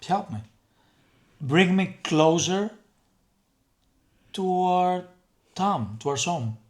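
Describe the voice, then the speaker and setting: A man's voice: sits high, animated, very slow. Blunt, emphatic man talking sales. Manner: blunt, emphatic, repeats himself. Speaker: head of sales, guest. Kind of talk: casual business conversation.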